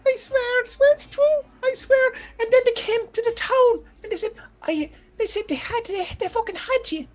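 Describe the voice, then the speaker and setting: A woman voicing a small, guilty gnome woman who wails and sobs as she confesses, her voice squeaking between laughter and tears. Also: normal speed, few pauses. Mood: desperate. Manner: high squeaky wail, laughing and crying as she pleads. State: crying. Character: sobbing, shrill little gnome woman, guilty and desperate.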